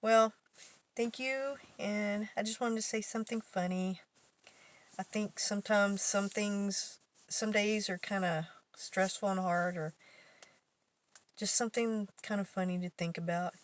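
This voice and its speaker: A woman's voice: mid-range voice, fairly even intonation, a little slow. A woman vlogger casually telling a story, rambling and correcting herself as she goes, laughing often.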